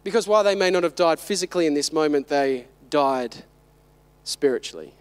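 A man's voice: fairly high pitch, expressive, brisk, smooth. A man in his thirties, a father, preaching a sermon with emphatic rhetorical questions.

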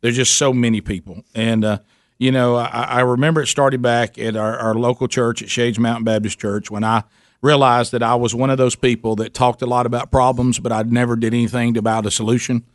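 Middle-aged guy telling a story, keeps repeating himself, medium pitch, dry close mic. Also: little pitch movement, a little fast, no room sound. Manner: self-deprecating, repeats and restarts words. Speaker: guest talking about his men's ministry. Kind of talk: casual storytelling interview.

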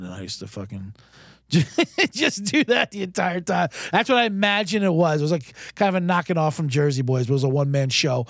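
Gravelly-voiced man hosting a betting show. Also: fairly high pitch, lively intonation, fairly quick, no echo, clean studio sound. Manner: rambling, self-mocking, rhetorical questions. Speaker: host. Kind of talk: casual sports betting talk.

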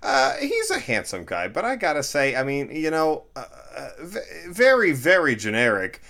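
A man's voice: a little high, wildly swooping pitch, moderate pace, pushed and bright. A man co-hosting a casual film-review podcast, joking sarcastically and often restarting his sentences. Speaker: podcast co-host.

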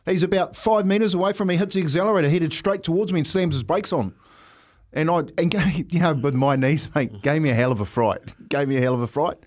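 A man with a New Zealand accent co-hosting breakfast radio, telling a story with animated, laughing delivery. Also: fairly high pitch, a little fast. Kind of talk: casual radio banter, storytelling.

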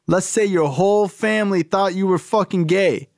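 A man voicing his tough, profane male sponsor, who scolds him with mocking, rapid-fire questions. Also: sits high, darkish tone, no echo, clean studio sound, pitched above the performer's own voice. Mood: lecturing.

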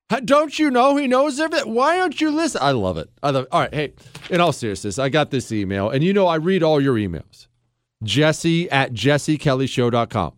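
A man hosting a talk radio show, joking sarcastically and swinging between mock outrage and quiet earnest talk into a studio mic. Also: medium pitch, clear, resonant tone, dry recording. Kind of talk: conservative talk radio monologue. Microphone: studio microphone.

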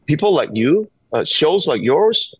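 A middle-aged gun violence activist from Venezuela joins a call-in interview as a guest, his slightly high, breathy voice very animated yet measured in pace. With a Venezuelan Spanish accent, he presses his points earnestly and urgently, often repeating words, over a dull, dry remote line with no echo.

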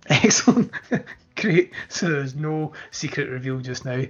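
A man's voice: a little high, lively intonation, slow pace, fairly bright tone, soft background music. A man co-hosting a podcast in casual, joking, sweary chat. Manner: laid-back, joking, sweary. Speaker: podcast co-host. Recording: muffled lo-fi podcast audio.

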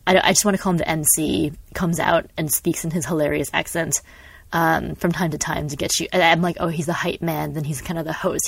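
A young woman co-hosting a casual podcast chat, an animated storyteller who acts out quotes and laughs often. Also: sits low, slightly rough, dry recording. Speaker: podcast co-host.

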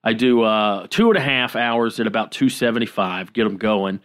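A man co-hosting a podcast, telling a story in a relaxed way with many pauses and self-deprecating laughs. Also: lowish voice. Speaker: podcast co-host. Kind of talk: casual chat.

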